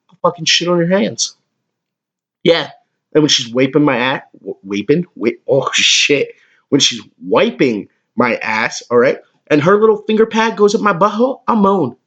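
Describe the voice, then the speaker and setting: A man in his twenties hosting a comedic podcast, with a crude, excitable way of talking and a lot of swearing. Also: a little high, moderate pace, dull audio. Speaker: podcast host.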